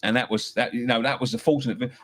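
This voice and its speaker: A man's voice: medium pitch, fairly even intonation, rapid-fire, a bit bright. A middle-aged man from England, a football fan talking passionately, swearing and repeating himself. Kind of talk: heated fan-show chat.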